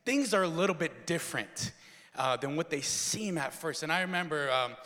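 A man preaching a sermon to a congregation, telling a story with rising excitement and shouting. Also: fairly high pitch, moderate pace. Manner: animated, builds to excited shouting. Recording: long hall reverb.

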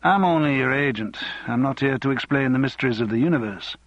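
A wry political agent with a dry sense of humour, as a male narrator puts him on. The husky voice sounds close, dry and slightly dull. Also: medium pitch, fast, no room sound, natural voice.

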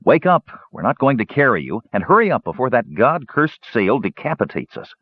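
A man's voice: mid-range voice, sing-song, brisk, breathy edge, muffled recording, voice pushed up. A man voicing a big, grumpy young warrior who talks bluntly and growls, hungover and irritable. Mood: fed up.

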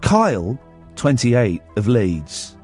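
A man's voice: mid-range voice, sing-song, slow pace, a little mellow, husky, soft background music. A man hosting a late-night radio show, reading a tabloid story aloud with wry, mock-dramatic asides into a studio microphone.

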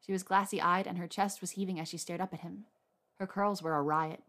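A woman narrating a romance story aloud in a soft, unhurried reading voice. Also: on the low side, steady tone. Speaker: audiobook narrator.

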